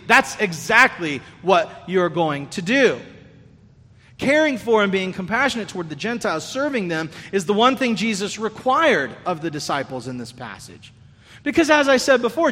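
A male pastor preaching a sermon in an earnest, conversational way, catching and restarting his phrases as he goes. His voice sits high and sounds bright and forceful. The long reverb of a large hall trails after his words.

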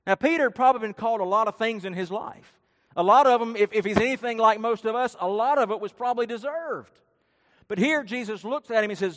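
A man's voice: high-pitched, brisk, a bit bright. A man preaching a sermon, telling the story dramatically and acting out the quoted lines with rising and falling force. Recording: long hall reverb.

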